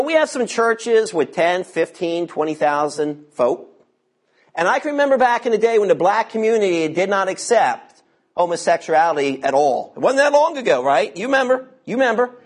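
A man in his fifties from the United States preaching a sermon, swelling to emphatic shouts and slowing down to read scripture. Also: high voice, expressive. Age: 50s.

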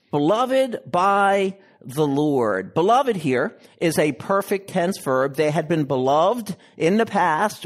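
Slow, deliberate male preacher. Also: fairly high pitch. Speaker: pastor. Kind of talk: expository sermon.

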